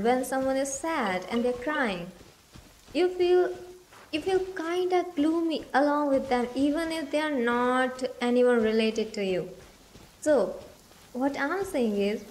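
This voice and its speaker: A woman's voice: sits high, a little hiss or hum. A young woman from India streaming a game, chatting in a bubbly, rambling way with her viewers. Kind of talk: casual livestream chat. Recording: music playing behind.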